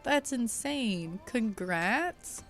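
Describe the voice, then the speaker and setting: A young woman streaming a game, chatting casually in slang, reading chat aloud and bursting into loud reactions. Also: on the high side, expressive, extremely slow, soft background music.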